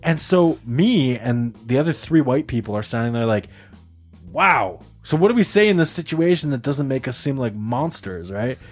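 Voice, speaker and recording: A young man on a casual podcast, telling a story in an animated way and laughing often. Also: normal speed, hardly any pauses, faint music behind. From Canada. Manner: animated storyteller, jumps high for quoted voices, laughs often. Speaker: podcast co-host.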